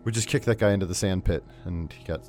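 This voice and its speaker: A fast-talking man on a casual movie review show, riffing and acting out scenes with a lot of swearing. His voice sits a little low, and faint music plays under the talk. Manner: animated, acts out movie lines, profane. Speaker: podcast co-host reviewing a movie. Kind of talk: casual chat.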